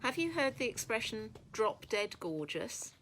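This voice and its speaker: A woman voicing a brisk, sharp female companion who speaks with incredulous force. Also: a little high, very animated, a little hiss or hum, pitched above the performer's own voice.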